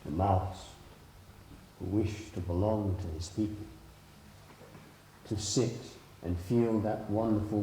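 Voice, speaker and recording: A man's voice: on the low side, dark tone. A man telling a traditional story live at a festival, dramatic and swooping, drawing out his words. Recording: roomy live hall with faint noise.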